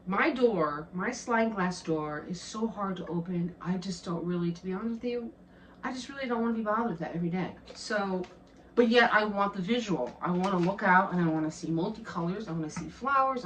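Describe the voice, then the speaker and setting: A woman's voice: mid-range voice, animated, brisk, a bit bright, a little hiss or hum. A middle-aged woman chatting to the camera at home as she films, gushing over her decor and often repeating herself. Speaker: home vlogger. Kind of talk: casual chat to camera. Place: at home, indoors. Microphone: handheld camera.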